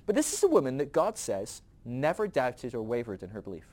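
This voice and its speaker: A man's voice: medium pitch, sing-song, a little fast, hardly any pauses, a little mellow. A man hosting a podcast who teaches from the Bible in a casual storytelling way, laughing often.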